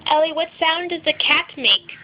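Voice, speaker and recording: A woman's voice: high-pitched, normal speed, a little hiss or hum. A woman filming on a phone, coaxing and encouraging a toddler in sing-song baby talk. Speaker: parent or caregiver filming a toddler. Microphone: phone camera. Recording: dull lo-fi phone recording.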